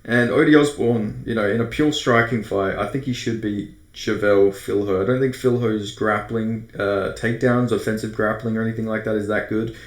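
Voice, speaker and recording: A man's voice: lowish voice, steady tone, moderate pace, few pauses. An Australian man giving casual, rambling fight predictions, swearing often and correcting himself as he goes. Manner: rambling, profane, self-correcting. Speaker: MMA predictions host. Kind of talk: casual fight breakdown monologue. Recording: roomy echo.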